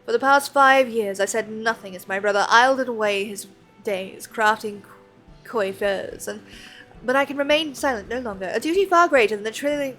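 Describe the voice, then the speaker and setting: A woman's voice: on the high side, a bit bright, close to an everyday voice, poor audio. A woman voicing an earnest young nobleman in an attempted French accent, speaking in a formal, old-fashioned way.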